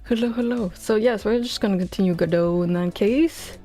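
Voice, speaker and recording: A tired-sounding woman streams herself coding a game, chatting in a scattered, self-mocking way close on a headset mic. Her voice is mellow and medium-pitched at a normal speed, with faint music behind her. It's casual livestream chat from a game dev streamer.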